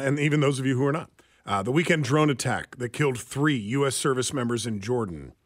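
This man co-hosts a talk radio show from a radio studio, offering news commentary earnestly and with lots of fillers. His voice sits at a medium pitch with a fairly bright tone.

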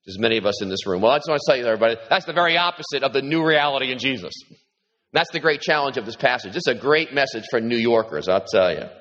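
A man preaching a sermon as pastor, animated and repeating himself, his voice lifting when he quotes Jesus. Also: rapid-fire. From New York. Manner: animated, repeats words, rises in pitch when quoting Jesus. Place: large hall with congregation. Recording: echoey hall, dull sound.

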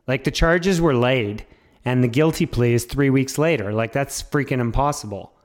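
A Canadian man co-hosting a podcast in casual chat, animated and exasperated, swearing as he gets riled. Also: mid-range voice, normal speed. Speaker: podcast co-host.

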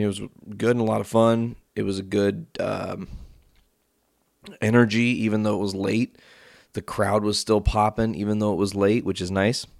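Profane low-voiced man ranting on a podcast. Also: gravelly, no echo, clean studio sound. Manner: profane, animated ranting with big pitch jumps. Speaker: podcast host. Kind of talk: casual storytelling monologue.

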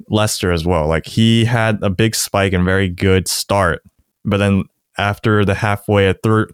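A man with a deep, smooth voice talks football on a podcast, loose and chatty, often laughing. The sound is close and dry, with no room around it. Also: dry recording. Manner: relaxed, chatty, laughs often, says "like" a lot. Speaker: podcast co-host. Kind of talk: casual sports chat.

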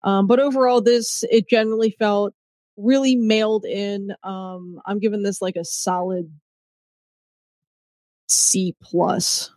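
A woman's voice: medium pitch, steady tone, slow pace, a little mellow, no room sound, studio quality. A woman co-hosting a casual podcast, speaking frankly and sarcastically with hedging fillers. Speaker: podcast co-host.

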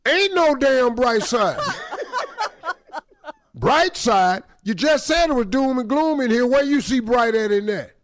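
A man's voice: extremely high pitch, animated, a little slow. A man acting a stubborn, grumpy older father who cusses bluntly and guilt-trips his grown daughter in a comedy sketch. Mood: scoffing. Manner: blunt, cussing, dramatic self-pity.

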